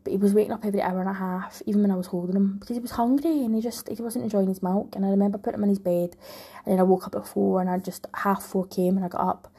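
A woman's voice: mid-range voice, steady tone, very fast, dark tone, husky. A young woman with a Scottish accent telling a heartfelt personal story in a rambling way, often restarting her sentences. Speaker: vlogger, new mum.

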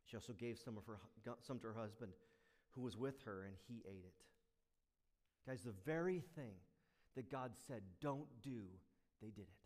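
A male pastor preaching a sermon, emphatic, swinging between loud stressed lines and hushed asides. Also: mid-range voice, moderate pace.

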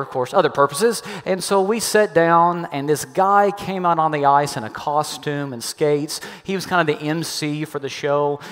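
Animated male preacher in a reverberant hall. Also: sits high. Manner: animated storyteller, acts out quoted voices. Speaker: pastor. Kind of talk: sermon with storytelling.

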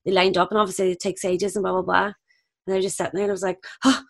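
A woman's voice: fairly low pitch, flat delivery, racing, gravelly. A woman with a Northern Irish accent, a guest sharing candid anecdotes in a casual chat. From Northern Ireland. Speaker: actress guest.

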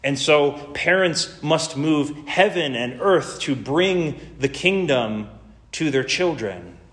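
A man's voice: a little high, expressive, takes it slowly, a bit bright. A man preaching a sermon in an earnest, emphatic way, building lists and drawing out key words. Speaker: pastor.

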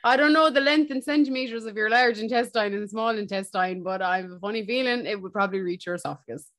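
A woman's voice: a little high, quick pace, a bit bright. Blunt, jokey young woman. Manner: blunt, jokey, crude asides. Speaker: podcast co-host. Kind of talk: casual chat.

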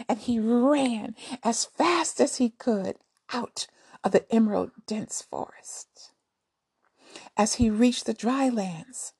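A woman narrates a folk tale in a soft, breathy voice. She reads slowly and deliberately, pitched a little high. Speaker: storyteller. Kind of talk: storybook narration.

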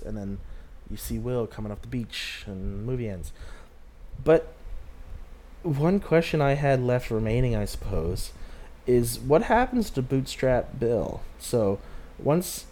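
A man's voice: mid-range voice, dark tone. A young man giving a casual, rambling movie recap, chatty and full of filler words and little chuckles. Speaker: movie reviewer.

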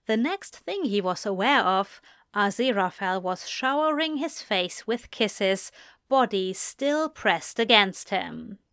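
A woman narrating a story in a slow, measured reading voice. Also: medium pitch, animated, a bit bright, dry recording, clean studio sound. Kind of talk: scripted narration of fan fiction.

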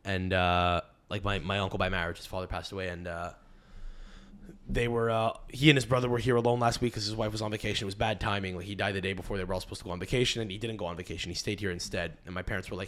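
A man's voice: fairly low pitch, steady tone, fast talker, fairly bright tone. Young male podcast host, crude and rambling, cursing, laughing through tangents, recording at home. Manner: crude, rambling, swears a lot, laughs often. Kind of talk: casual podcast rant. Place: home, family upstairs.

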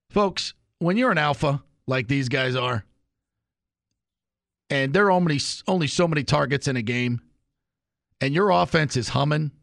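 A man's voice: fairly high pitch, expressive, moderate pace, vocal fry, fairly bright tone, no echo. A man hosting a sports talk radio show, delivering an opinionated, emphatic monologue.

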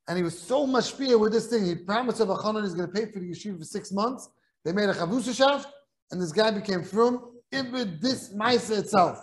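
Rabbi guy teaching talmud in a kollel, kinda high voice, tells stories all animated, repeats himself when he gets going. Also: fairly quick. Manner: animated storyteller, repeats words when excited. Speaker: rabbi giving a Torah class. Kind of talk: Talmud lecture with a story. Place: kollel study hall.

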